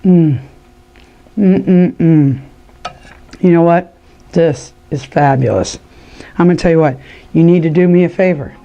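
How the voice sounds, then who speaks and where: A woman's voice: low voice, moderate pace, warm tone, muffled recording. Chatty woman hosting a cooking show. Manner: chatty and enthusiastic, talks to viewers. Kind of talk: casual cooking demonstration.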